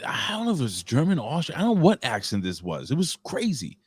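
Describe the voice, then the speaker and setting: A man's voice: medium pitch, huge pitch swings, quick pace, husky, no echo, clean studio sound. A man, co-hosting a casual podcast and telling a rambling, profane story. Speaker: co-host.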